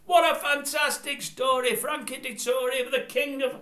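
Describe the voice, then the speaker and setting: A man's voice: extremely high pitch, moderate pace, echoey room, voice pushed up. A man mimicking a gushing, goofy racing presenter. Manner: sing-song, over-excited gushing.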